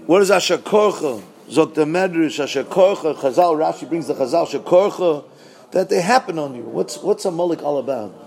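A man teaching a Purim Torah talk, asking rhetorical questions and answering them, swinging between loud bursts and low asides. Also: expressive, a little fast, creaky.

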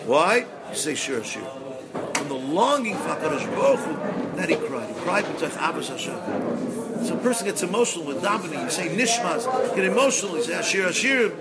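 A man teaches a Torah class in a hall, his voice pitched high and full of gravel. He swings from excited bursts to hushed, emotional passages. The murmur of a crowd is heard around him. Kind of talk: Torah lecture.

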